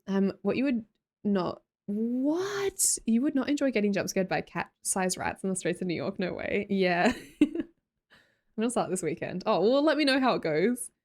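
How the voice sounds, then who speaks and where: A young Australian woman chatting casually on a livestream, bubbly and quick to laugh, answering chat as she goes. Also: medium pitch, expressive, darkish tone. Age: young adult. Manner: bubbly, laughs often, reads chat aloud.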